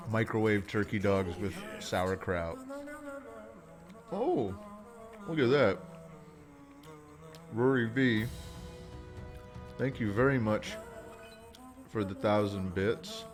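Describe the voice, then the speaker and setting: A man streams a video game live from his home setup, talking casually into a desk mic. His voice sits on the low side, and he chats loosely with viewers and thanks them between bits of play. Game music plays clearly underneath him. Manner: chatty, reads and thanks chat. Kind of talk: casual live-stream chat while gaming.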